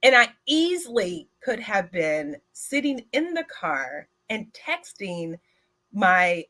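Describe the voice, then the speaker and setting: At a retreat, a woman speaks slowly in a medium-pitched voice, telling an animated personal story straight to her audience, filled with filler words.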